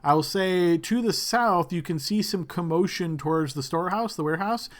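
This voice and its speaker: A man's voice: sits high, moderate pace. A man narrating as game master for a tabletop role-playing game, describing scenes in a loose way with many fillers.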